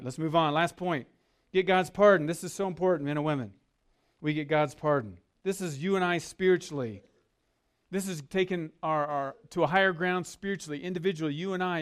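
A man preaching a sermon as a pastor, earnest and leading his listeners to repeat words with him. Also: a little high. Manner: earnest, leads congregation call-and-response.

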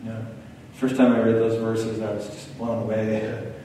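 A man preaching a sermon in a conversational way, turning lively when he quotes other people. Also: on the low side, normal speed, slight background noise. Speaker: pastor. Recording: echoey hall, far from the mic.

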